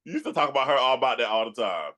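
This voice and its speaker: A man hosting a relaxed conversation, who wanders through his memories with loose, meandering phrasing. His voice is of middling pitch for a man. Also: very fast. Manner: easygoing, rambling with fillers and restarts. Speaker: podcast host. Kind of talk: casual interview chat.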